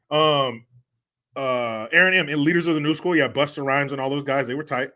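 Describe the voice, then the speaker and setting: A man's voice: a little high, moderate pace, sharp tone. A man hosting a casual livestream, rambling and swearing as he answers comments. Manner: profane, rambling, laughs at own jokes. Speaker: livestream host.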